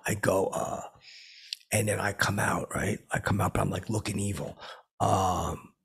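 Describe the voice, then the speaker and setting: Raspy gravelly guy rambling thru a story, lots of uhs and restarts, lowish voice. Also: fairly even intonation. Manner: halting, full of filler words and restarts, boastful. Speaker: comedy character host.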